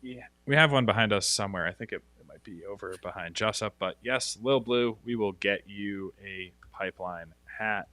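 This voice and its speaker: Bright-voiced man hosting a casual stream. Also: on the low side, moderate pace, few pauses, dry recording. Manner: upbeat, laughs easily, many restarts. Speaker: stream co-host. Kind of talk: casual livestream chat.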